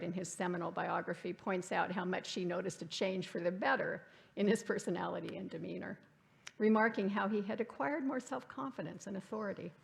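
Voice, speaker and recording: Gravelly-voiced woman giving a church lecture. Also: medium pitch. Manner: reflective, reads quotes aloud. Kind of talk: literary lecture. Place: church hall.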